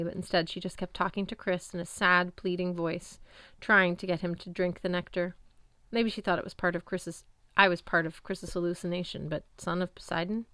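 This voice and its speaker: Clear-voiced woman reading an audiobook. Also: on the low side, no echo. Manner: expressive, storytelling. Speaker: audiobook narrator. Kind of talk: first-person audiobook narration.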